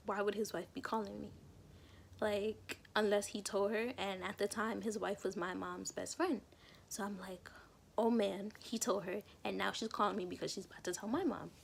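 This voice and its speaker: A woman's voice: medium pitch, creaky, a little hiss or hum. A young woman casually telling a personal story to camera, acting out quotes of herself and others. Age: young adult. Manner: chatty, quotes herself and others in lively asides. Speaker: vlogger.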